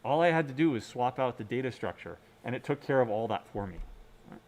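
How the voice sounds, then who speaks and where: A man's voice: medium pitch, expressive, fast talker, slight background noise. A man giving a recorded computer science lecture, explaining step by step and often checking in with "right?". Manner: mutters quietly to himself while working on screen. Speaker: university lecturer.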